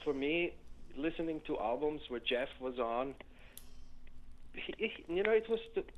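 An older man, a music producer and keyboardist, telling stories in a casual interview, rambling with restarts and growing animated. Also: a little high, measured pace, phone-quality sound, slight background noise.

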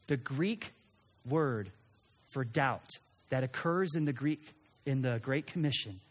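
A man's voice: fairly high pitch, breathy edge. A pastor with a slightly raised voice preaches with animation. He acts out quoted speech and at times stumbles and restarts mid-sentence. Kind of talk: sermon.

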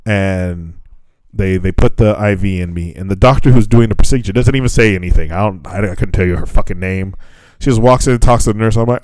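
A man's voice: fairly low pitch, brisk, darkish tone, no echo. A man hosting a podcast, telling a profane, laughing story in casual chat. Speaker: podcast host.

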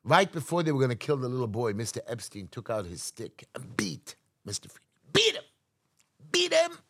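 A man's voice: medium pitch, expressive, brisk, a bit bright, dry recording, studio quality. A man, a community activist guest telling a story dramatically in an interview, emphatic and acting out quotes. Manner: emphatic, acts out quotes, restarts often.

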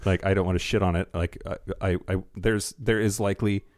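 A man co-hosting a podcast chats casually, rambling, restarting sentences, and dropping wry jokes. His voice is deep, steady, and darkish, and he talks briskly. The recording is dry with clean studio sound.

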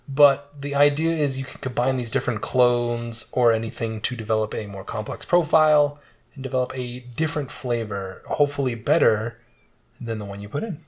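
A man in an easygoing podcast chat walks his friends through a topic step by step. He talks in a steady, explanatory way and keeps the tone loose. His voice sits at a middling pitch. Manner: explanatory, lecturing at length with easy laughs. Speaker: podcast co-host explaining wine. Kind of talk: casual chat.

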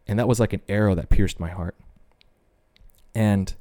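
A man's voice: lowish voice, normal speed, long pauses, warm tone. A man sharing his personal faith testimony on a podcast, telling it as an earnest story. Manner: earnest storyteller, acts out quoted voices. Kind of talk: personal testimony, casual chat.

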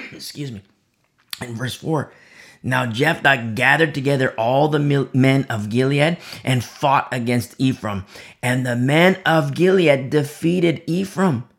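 A man preaching a verse-by-verse sermon who swings from loud emphasis to hushed whispers and repeats key phrases for weight. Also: mid-range voice, slow pace, creaky. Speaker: preacher leading a Bible study.

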